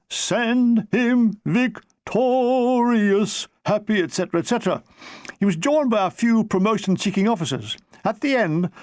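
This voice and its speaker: A man's voice: high-pitched, dry recording. A man reading his own memoir aloud as an audiobook, with a dry comic storytelling manner. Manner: dry comic storytelling, briefly mimicking characters. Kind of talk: audiobook narration.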